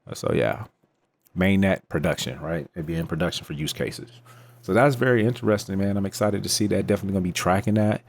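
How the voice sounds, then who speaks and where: A man's voice: deep voice, fast, vocal fry, slight background noise. A man hosting a crypto channel, talking through the news in a loose, chatty way with slangy asides. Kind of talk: casual news commentary vlog.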